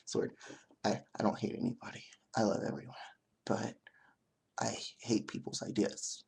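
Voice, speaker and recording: A young man vlogging in a casual monologue, rambling and halting, with frequent restarts. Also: lowish voice, flat delivery, gravelly, a little mellow, husky, in a whisper.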